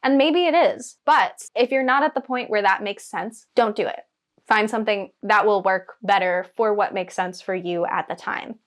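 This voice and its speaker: A woman's voice: mid-range voice, moderate pace. A woman vlogger talking casually and enthusiastically to camera, with frequent filler words. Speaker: writing vlogger.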